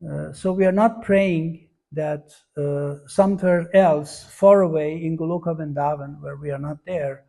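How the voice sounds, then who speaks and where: A man's voice: fairly high pitch, fairly even intonation, unhurried, creaky, dark tone. A man giving a devotional lecture, earnest and searching, with many fillers and repeated words for emphasis. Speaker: spiritual teacher.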